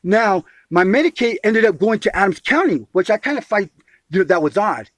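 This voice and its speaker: Casting note: a man pouring out a grievance, high husky voice, stumbles and repeats, says sweetie a lot. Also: lively intonation, a little fast, no room sound. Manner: emphatic, repeats words and calls the listener sweetie; restarts phrases often. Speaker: caller telling his grievance.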